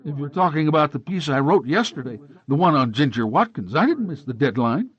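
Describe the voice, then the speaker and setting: A man voicing an agitated middle-aged male newspaper columnist who swears and talks high and excitably. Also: brisk, dull audio. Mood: indignant.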